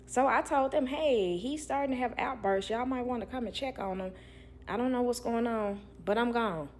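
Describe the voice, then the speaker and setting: A young woman who works as a nanny, telling a work story to viewers in a blunt, animated way. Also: on the high side, normal speed, slight background noise. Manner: blunt, animated, acts out others' lines.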